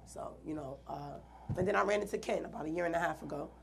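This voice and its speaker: A woman's voice: low-pitched, fast, vocal fry, very noisy. A woman earnestly telling her own story in an interview, acting out the quoted dialogue with animation. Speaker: guest artist.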